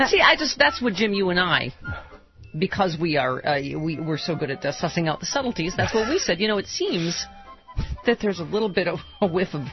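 A woman radio host bantering in quick, giggly bursts, her pitch swinging widely from high to low. The broadcast sound is slightly muffled, with faint music underneath. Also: big pitch swings. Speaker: radio talk show host. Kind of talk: casual comedic radio chat.

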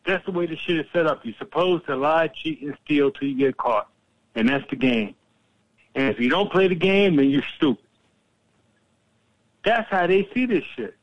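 A man hosting a heated political talk, animated and profane, telling stories to make his point. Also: fairly high pitch, moderate pace, long pauses, dry recording, highs cut off. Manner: profane, animated, fired-up storyteller.

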